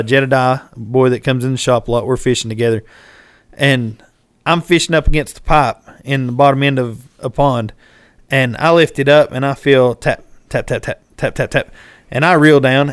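A man, casually telling a lively story on a podcast. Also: on the high side, clean tone, no room sound, clean studio sound. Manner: animated, laughing, shouts when retelling.

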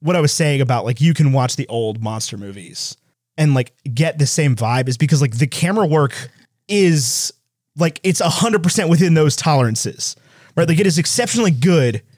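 A man in casual movie chat, animated, with quick asides and voices when he retells scenes. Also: fairly high pitch, dry recording, studio quality.

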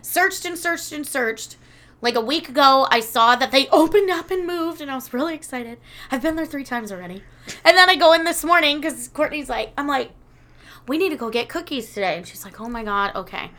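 A woman's voice: sits high, animated, brisk, bright, forceful tone. A woman in her thirties chatting casually as a podcast co-host, a rambling storyteller who swears a lot. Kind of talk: casual chat.

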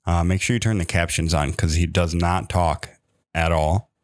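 A man's voice: low voice, steady tone, normal speed, no echo, clean studio sound. A man co-hosting a casual podcast chat, telling rambling stories in a laid-back way. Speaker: podcast co-host.

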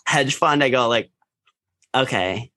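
Very low-voiced woman, lively and bright. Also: dry recording, clean studio sound. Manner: giggly, quick reactions. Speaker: podcast co-host. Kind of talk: casual chat.

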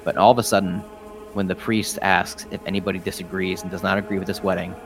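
A man's voice: low voice, little pitch movement, fast, faint music behind. A man narrating a tabletop game as game master, casual and rambling with lots of fillers and swearing.

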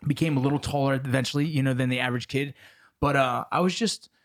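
A man's voice: medium pitch, fairly even intonation. A man hosting a podcast in casual chat, swearing freely and acting out the voices in his stories. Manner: fast, profane, acts out the voices in his stories. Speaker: podcast host.

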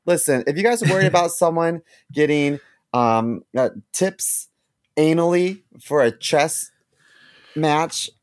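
A man's voice: a little high, a little slow, smooth, no echo. A man co-hosting a comedy podcast, ranting bluntly and mockingly. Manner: blunt, crude, mocking rants. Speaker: podcast co-host. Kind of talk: casual comedic podcast chat.

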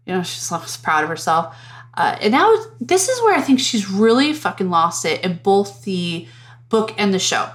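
A woman hosting a podcast in casual chat, animated and profane, laughing often and acting out lines. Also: medium pitch, normal speed. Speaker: podcast host.

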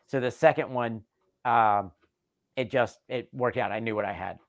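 A comedian from North Carolina and Delaware telling stories in a casual chat and acting out the dialogue. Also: male voice, medium pitch, normal speed, no room sound, studio quality. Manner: animated, acts out quoted dialogue. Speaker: stand-up comedian guest.

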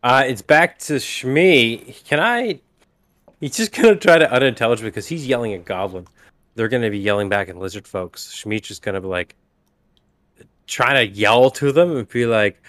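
A man's voice: mid-range voice, animated, moderate pace, no echo. Rambling male player, dry sound. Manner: rambling, thinking out loud. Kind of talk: casual tabletop play.

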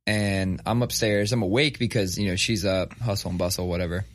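A man's voice: lowish voice, steady tone, a little fast, dry recording. A man in his thirties telling a story in casual, profane conversation, acting out quotes as he goes. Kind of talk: casual chat.

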